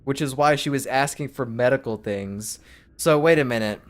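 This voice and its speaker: A man's voice: medium pitch, moderate pace. A man streaming a game, casually reading its text aloud in his own voice with asides.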